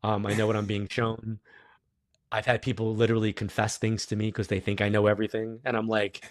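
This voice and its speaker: A middle-aged man, a guest on a podcast, who tells stories in a casual, animated way and acts out the quoted dialogue. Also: lowish voice, fairly quick, no room sound, clean studio sound. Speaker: guest psychic medium. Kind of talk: casual storytelling interview.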